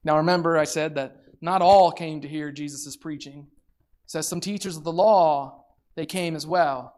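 Animated preacher telling a story. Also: medium pitch, moderate pace. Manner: animated storytelling, acting out voices. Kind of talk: sermon.

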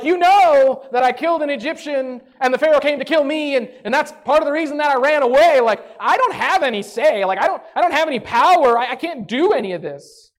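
Brief: fretful eighty-year-old man, halting and repeating himself, voiced by a preacher. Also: very high-pitched, voice pushed up, rough recording. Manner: rambling, nervous, stammering restarts.

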